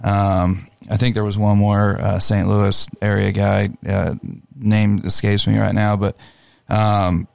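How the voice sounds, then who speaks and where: A young man co-hosting a radio show, talking in a relaxed, laid-back way. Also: lowish voice, slow, creaky, smooth, dry recording. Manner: relaxed, laid-back, talks through lineups. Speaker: radio co-host and show promoter. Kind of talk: casual radio chat.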